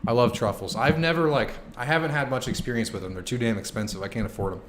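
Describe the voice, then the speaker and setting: A young man in his twenties, streaming casually and answering chat questions, joking and swearing freely, sometimes shouting. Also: mid-range voice, fast, noisy background.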